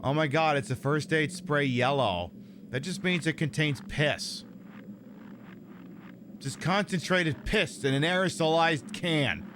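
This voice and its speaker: A man's voice: on the high side, a little slow. A man giving casual gameplay commentary as a streamer, profane, ranting and sardonic. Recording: noisy ambience behind.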